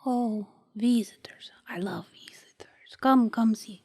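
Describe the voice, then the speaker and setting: A woman's voice: fairly high pitch, dry recording. A woman doing a frail whispering great-grandma. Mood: tender. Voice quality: frail, soft, breathy whisper. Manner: halting, repeats words, broken phrasing. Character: frail blind grandmother near a hundred. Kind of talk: whispered role-play.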